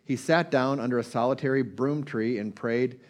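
A preacher with a mid-range voice and moderate pace gives a casual sermon, retelling a Bible story conversationally. His speech is full of fillers and restarts.

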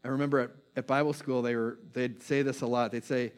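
A man delivering a sermon as a pastor, moving between quick bursts and slow, hushed phrases. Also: mid-range voice, little pitch movement, smooth.

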